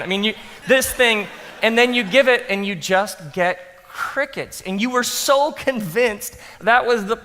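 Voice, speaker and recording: A man speaking as a pastor to a live audience, telling animated stories and acting out his own thoughts in soft asides. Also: sits high, measured pace, long reverb tail, a little hiss or hum. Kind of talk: talk to pastors, animated storytelling.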